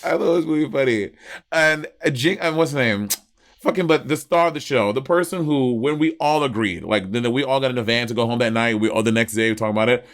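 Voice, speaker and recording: A man co-hosting a casual chat, animated and playfully argumentative, often laughing. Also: mid-range voice, quick pace. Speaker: podcast co-host.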